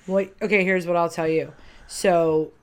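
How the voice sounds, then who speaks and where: A woman's voice: on the low side, fairly even intonation, a little slow, clear, resonant tone. A woman co-hosting a podcast in casual chat, joking and swearing freely as she rambles. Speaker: podcast co-host.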